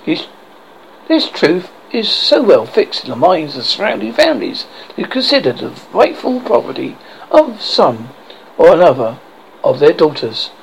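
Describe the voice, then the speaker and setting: Brief: expressive classic-novel reader; gravelly, animated delivery. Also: mid-range voice, unhurried, a little hiss or hum, rough recording. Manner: expressive reading with occasional slips and restarts. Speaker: audiobook reader. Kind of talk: classic novel read aloud.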